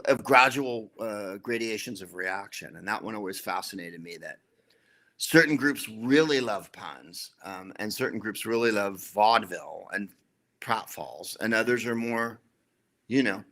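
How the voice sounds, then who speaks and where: A middle-aged man tells stories with dry wit and throws in quick asides. His voice sits low but has a bright, forceful edge. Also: animated. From United States. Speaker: comedian guest. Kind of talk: anecdotal interview chat.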